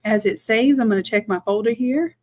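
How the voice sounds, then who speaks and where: A woman, a design instructor chatting through a live-streamed software tutorial, talking to viewers as y'all and thinking aloud as she works. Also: a little high, fairly quick.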